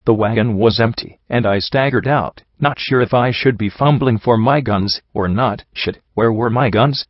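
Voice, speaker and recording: A man narrating a first-person story as an audiobook reader, in a steady, measured way. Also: mid-range voice, no echo. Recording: dull lo-fi audio.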